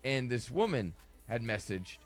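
Lively, teasing male talk show host. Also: medium pitch, measured pace, soft background music. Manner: lively, teasing, blunt questions. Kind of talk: casual radio chat.

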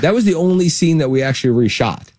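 A man guest-starring in an interview, telling lively anecdotes and laughing through them. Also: on the high side, quick pace, dry recording. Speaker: guest actor. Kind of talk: casual interview storytelling.

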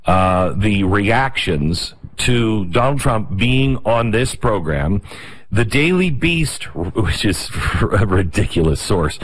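Animated middle-aged male talk host. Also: medium pitch. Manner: animated, rapid, sarcastic. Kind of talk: opinion commentary monologue.

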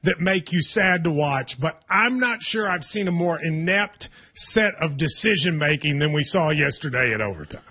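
A man's voice: a little high, animated, moderate pace, hardly any pauses, sharp tone, husky. A man hosting a sports talk show, chatting casually and teasing his co-host wryly. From Kentucky. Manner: wry, teasing, hedging restarts. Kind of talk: casual sports radio chat.

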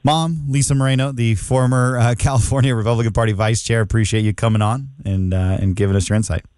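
A man's voice: medium pitch, fairly even intonation, fast, a little mellow, clean tone, no room sound, studio quality. A man hosting a call-in radio talk show, joking and rambling, repeating himself.

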